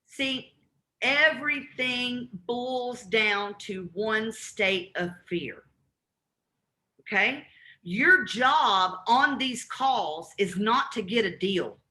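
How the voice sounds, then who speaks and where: A woman with a Southern accent running a live real estate training call, acting out both sides of cold calls in an animated way. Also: on the high side, extremely slow.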